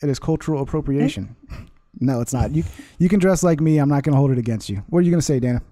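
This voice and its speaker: A man's voice: medium pitch, fast, warm tone, dry recording. A man hosting a casual live stream, rambling and laughing often while reading chat comments aloud. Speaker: livestream host.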